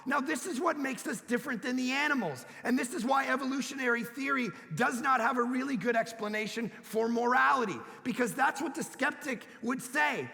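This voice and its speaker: A middle-aged man preaching a sermon, telling family stories and breaking into shouts as he acts out his kids. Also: very high-pitched, a little fast, vocal fry, few pauses. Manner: storytelling preacher, bursts into shouting when acting out kids. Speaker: pastor. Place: church hall. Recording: long reverb of a church hall.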